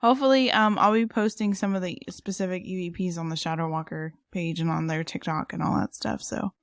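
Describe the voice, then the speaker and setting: A lowish, steady-toned woman talks fairly quickly as a podcast co-host in clean studio sound without room noise. Having lived in San Antonio, Texas, she keeps the casual conversation chatty, with many fillers and plenty of laughs.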